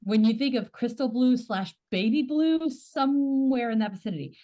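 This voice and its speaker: A woman's voice: fairly high pitch, lively intonation, moderate pace, mellow. Eager woman podcast host. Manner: curious, eager, searching for words. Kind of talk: casual chat.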